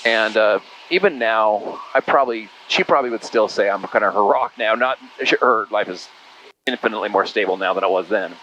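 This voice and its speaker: A man's voice: fairly low pitch, a little fast, bright, forceful tone, a little hiss or hum, rough recording. A middle-aged man from Utah, telling personal stories in a casual, rambling way and saying "dude" and "you know" a lot. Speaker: podcast guest. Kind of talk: casual conversational storytelling.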